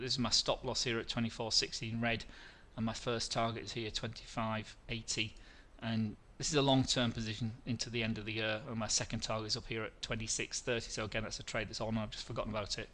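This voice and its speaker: A man's voice: fairly low pitch, little pitch movement, quick pace, few pauses, bright, forceful tone. A middle-aged man hosting a live trading webinar, walking through charts, answering viewer questions and often correcting himself mid-sentence.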